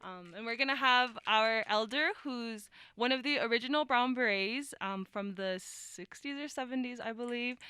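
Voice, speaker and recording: A woman's voice: fairly high pitch, normal speed, hardly any pauses, bright, forceful tone, smooth, no echo. A woman introducing her community group at an open mic, speaking hesitantly with many fillers. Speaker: group member introducing the feature. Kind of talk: casual chat.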